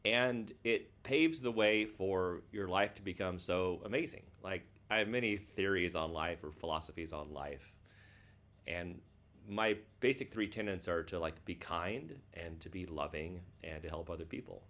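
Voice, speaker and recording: Low-voiced man reading his own book. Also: moderate pace, fairly bright tone. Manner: loose and casual, lots of "like" and "you know". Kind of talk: casual chat then reading aloud.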